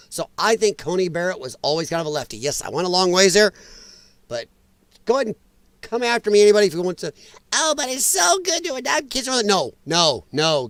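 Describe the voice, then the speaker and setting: A man hosts a political commentary livestream, ranting his opinions and answering viewer chat as he goes. His voice sits fairly high and swings widely up and down. The sound is dry and close, with almost no room echo. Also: a bit bright. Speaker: host.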